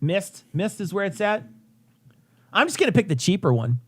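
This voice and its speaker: A laid-back man co-hosting a loose, casual chat show. His voice sits a bit high for a man, and he repeats himself and swears without thinking about it. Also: very animated, normal speed, husky. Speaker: podcast co-host.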